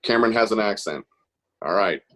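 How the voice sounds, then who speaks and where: A man's voice: fairly low pitch, brisk, bright, forceful tone. A man hosting an online art class on a video call, chatty and encouraging as he guides kids. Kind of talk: casual live-stream instruction.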